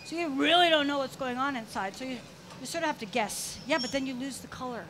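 A middle-aged woman with a high voice talks her way through a glassblowing demo, playful and chatty, slipping into sing-song counting. Loud workshop noise fills the background of the studio. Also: fast. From Canada. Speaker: glassblowing demonstrator. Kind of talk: live demonstration talk. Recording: noisy hot shop.

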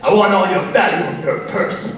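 A man's voice: high-pitched, brisk, heavy reverb, distant mic, a crowd in the background, natural voice. A man voicing a frenzied male bandit who barks orders. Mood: threatening.

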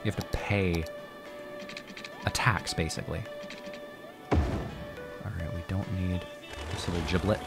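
A man's voice: low-pitched, fairly even intonation, a little slow, long pauses. A man giving casual, profane and joking commentary on a city-building game. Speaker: let's play host. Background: game music.

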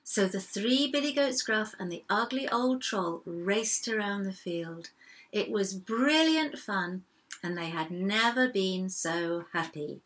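A middle-aged woman reading a children's story aloud, expressive and animated, with sing-song sound effects. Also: medium pitch, slow, poor audio.

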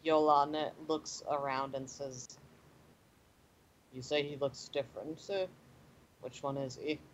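A man narrating a tabletop role-playing game as game master over a voice call, slow and halting with many fillers. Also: medium pitch, steady tone. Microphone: computer mic on a voice call. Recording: slightly dull voice call audio with faint background noise.

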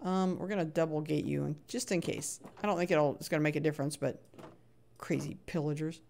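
A woman's voice: low voice, fairly even intonation, brisk, gravelly, a little mellow. Playfully exasperated woman streamer. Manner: playfully exasperated, reads chat aloud, chatty. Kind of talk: casual live-stream chatter.

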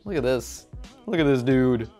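A man's voice: mid-range voice, expressive, moderate pace, mellow, faint music behind. A man hosting a video-reaction show, joking, laughing often and poking fun at himself. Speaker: YouTube host reacting to videos. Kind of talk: casual reaction commentary. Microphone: shotgun or lav mic.

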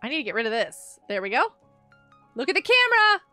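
A woman chatting casually while she streams a game, excitable and quick to gasp and laugh. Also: sits high, faint music behind. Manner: excitable, gasping and laughing often. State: sleepy, yawning. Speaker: gaming livestreamer. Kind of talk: casual live gameplay chat.

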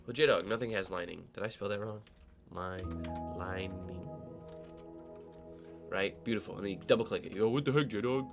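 A man's voice: low voice, fairly even intonation, normal speed, vocal fry, long pauses, music in the background. Nasal young man's gameplay chatter. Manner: talks to himself, joking asides and silly voices. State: just woke up. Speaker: gaming video creator. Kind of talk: casual gameplay commentary.

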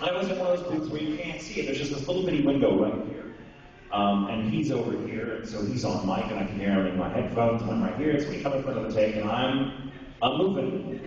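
A male voice actor on a convention panel, telling an animated anecdote to a live audience with quick asides. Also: mid-range voice, muffled recording. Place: large convention hall. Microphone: audience camera far from the stage. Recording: echoey convention hall, far off, noisy.

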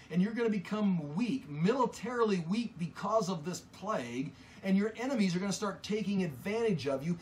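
Impassioned high-voiced man preaching. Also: a little hiss or hum. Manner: earnest, impassioned, with halting restarts. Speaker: Bible teacher. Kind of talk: Bible teaching sermon.

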